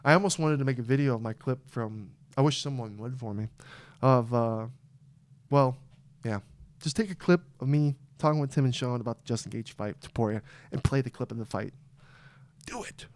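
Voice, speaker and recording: A young man talking casually on a podcast, his voice smooth and resonant. He rambles with restarts and flares into loud, excited bursts, then drops to low, muttered asides. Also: normal speed. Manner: excitable, swings from low mumble to loud outbursts. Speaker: podcast co-host. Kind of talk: casual chat.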